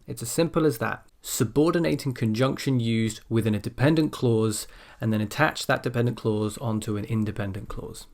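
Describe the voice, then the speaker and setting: Male teacher, mid-pitched, explanatory lecture delivery, demonstrates intonation on examples. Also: moderate pace. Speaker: English exam teacher. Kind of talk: recorded video lecture.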